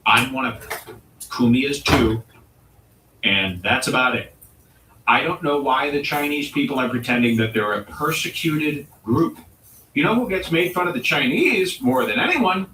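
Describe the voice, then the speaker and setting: Bright-voiced man ranting in an echoey room. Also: medium pitch, expressive, a little hiss or hum. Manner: provocative, mock-serious ranting with dramatic pauses. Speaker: comedy show host. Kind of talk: comedic rant. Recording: roomy echo, distant mic.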